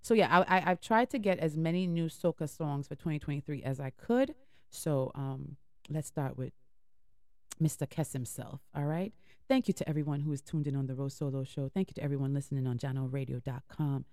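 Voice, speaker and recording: A woman's voice: sits low, fairly quick, no room sound, studio quality. A woman hosting an internet radio show, giving heartfelt, encouraging inspirational talk and repeating phrases for emphasis. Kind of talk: inspirational talk between music.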